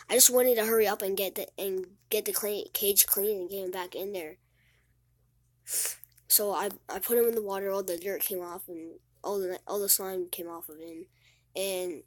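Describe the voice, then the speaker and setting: Teenage girl, casual vlog, sad and near tears, halting, repeats words, dry close sound. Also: mid-range voice, dry recording.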